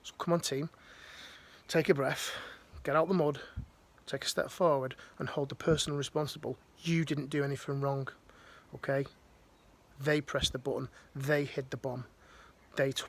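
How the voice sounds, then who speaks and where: Gravelly man, coaching pep talk. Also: medium pitch. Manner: emphatic, direct, repeats key phrases. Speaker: life coach. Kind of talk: motivational talk to camera.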